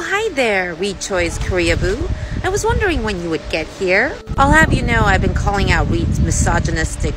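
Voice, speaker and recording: A woman with a lowish, lively voice delivers sarcastic, defiant scripted commentary. Loud music plays behind her throughout. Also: rough recording.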